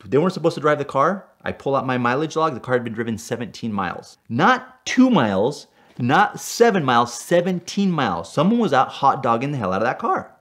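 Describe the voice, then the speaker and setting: A man from Puerto Rico telling a car story in an animated way, with loud bursts when he relives his anger. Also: medium pitch, a little fast. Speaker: storyteller guest.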